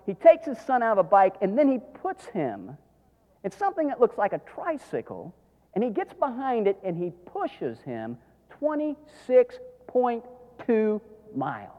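A middle-aged man, preaching a sermon as a pastor, telling stories dramatically and swinging from hushed tones to shouts. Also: high voice, wildly swooping pitch, unhurried, dull audio. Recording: long hall reverb.

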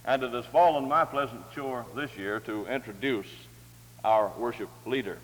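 A man reading scripture aloud and introducing a speaker, with a measured, formal, dignified delivery. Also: medium pitch. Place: large hall or chapel. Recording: long hall reverb.

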